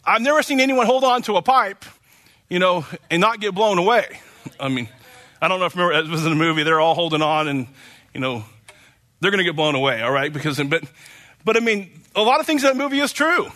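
High, bright-voiced rambling preacher man. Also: expressive, fast talker. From Oklahoma. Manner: rambling, chatty, many fillers and restarts. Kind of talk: casual sermon.

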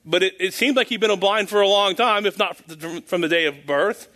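A man's voice: high voice, moderate pace, bright, forceful tone. A man giving an informal sermon in a folksy, rambling way, chuckling at his own jokes. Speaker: preacher.

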